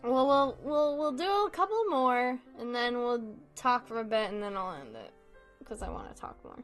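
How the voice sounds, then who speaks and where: Swearing, animated young woman host. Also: a little high, moderate pace, soft background music. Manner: animated, swears freely, laughs often. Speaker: video host reading online posts. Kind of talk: casual commentary.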